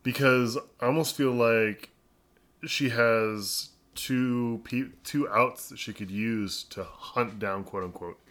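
A man co-hosting a podcast, relaxed and amused, talking in a halting way with restarts as he chats casually. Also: medium pitch. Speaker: podcast co-host. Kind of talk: casual recap chat.

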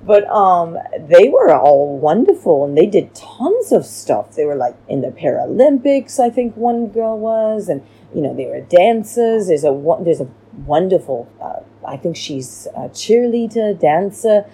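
A woman with a low, husky voice hosts a casual recap chat from home. She rambles and keeps calling her listeners darlings, and her tone is dark and mellow, recorded on a cheap microphone. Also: very animated, a little slow, hardly any pauses, rough recording. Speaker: podcast host. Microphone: cheap free microphone.

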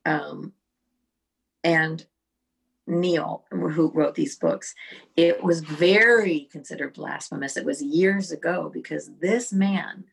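Husky, gravelly middle-aged woman storyteller. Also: low voice, slow pace. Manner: storytelling, animated, with restarts. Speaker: songwriter guest. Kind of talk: casual podcast conversation.

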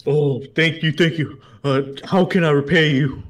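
A man's voice: a little high, moderate pace, close to an everyday voice. A man playing a large, earnest adventurer who asks eagerly and politely to learn about animals.

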